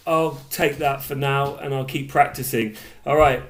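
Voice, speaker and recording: A man's voice: medium pitch, steady tone, measured pace, hardly any pauses, over music. Upbeat man teacher, mid-range voice. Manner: upbeat, enthusiastic, talks straight to the children. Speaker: primary school teacher. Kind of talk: welcome video to pupils.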